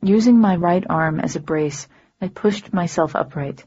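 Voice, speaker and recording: A woman's voice: fairly low pitch, a little slow, dark tone, husky, highs cut off. A woman narrating a fantasy audiobook in the first person, with a dry, sardonic delivery.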